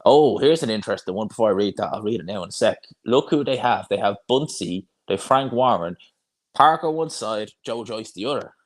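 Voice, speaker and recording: A man's voice: lowish voice, animated, fairly quick. Chatty man on a live stream. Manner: chatty, rambling, frequent restarts and fillers. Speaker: boxing YouTuber hosting a live watch-along. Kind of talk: casual live-stream chat reading viewer comments.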